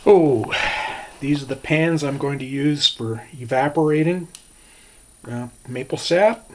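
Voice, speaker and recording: A man talks at a very unhurried pace into a handheld camera, narrating his day at a small cabin in the woods. His delivery is plain and matter-of-fact, full of small asides, and a faint hiss sits under the recording. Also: fairly high pitch. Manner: slow, plain-spoken, talking to himself with sighs and asides. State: out of breath. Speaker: cabin owner filming his visit. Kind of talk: casual vlog narration.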